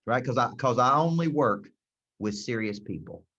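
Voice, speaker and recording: A man's voice: medium pitch, animated, normal speed, bright, forceful tone. A man giving emphatic sales coaching advice, repeating key phrases for punch. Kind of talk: motivational coaching talk. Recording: dull lo-fi recording.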